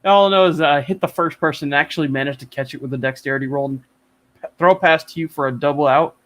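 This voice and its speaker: Excitable man rambling over a video call. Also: on the high side, fast talker. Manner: excited, rambling, swears freely. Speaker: interview guest. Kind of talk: casual chat. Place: home.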